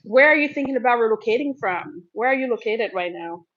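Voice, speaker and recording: A woman's voice: a little high, expressive, fairly quick, a bit bright. A woman from Cameroon chats casually through a livestream Q&A, picking up viewers' comments and answering them with a ready laugh. The sound is a little dull and lo-fi, like a plain livestream mic. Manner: chatty, laughs often, reads out viewer comments. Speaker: livestream host. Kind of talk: casual live Q&A chat.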